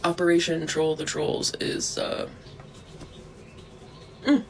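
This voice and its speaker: Gravelly woman ranting to camera. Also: sits low, steady tone, fairly quick, a little hiss or hum, poor audio. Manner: profane, heated, with scornful laughs. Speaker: vlogger.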